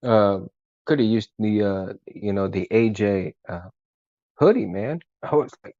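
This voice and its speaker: A man's voice: on the low side, expressive, measured pace, dark tone, dry recording. Casual male home vlogger, filler-heavy, chuckling; dry, muffled handheld audio. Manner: rambling, laughing, many fillers. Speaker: vlogger and collector. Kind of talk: casual chat to camera. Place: room at home. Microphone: camera handheld while walking.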